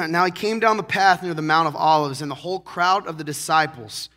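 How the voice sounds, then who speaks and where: Joking, animated man preaching a sermon. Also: fairly high pitch, fairly quick. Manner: joking, animated, acts out characters; clears throat often. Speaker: pastor.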